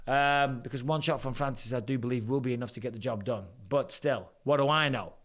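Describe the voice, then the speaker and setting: A man's voice: mid-range voice, fairly quick, fairly bright tone. A middle-aged man with a Lancashire accent, from England, hosting a live stream and rambling through fight talk, swearing freely. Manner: swearing, rambling, chatty banter. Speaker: host, former fighter. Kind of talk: casual live-stream commentary.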